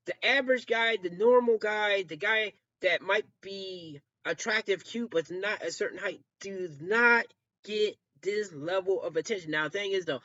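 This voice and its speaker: Reaction host, casual rambling delivery, middle pitch, dull close dry recording. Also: a bit bright, no room sound. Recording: dry muffled lo-fi mic.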